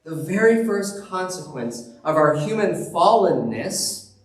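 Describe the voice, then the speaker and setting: A male pastor preaching to his congregation in an easy, storytelling manner. His voice sits a little high for a man and carries around a roomy church sanctuary, caught from some distance away from the mic. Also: big pitch swings, a little slow. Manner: conversational storytelling with chuckles. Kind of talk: sermon.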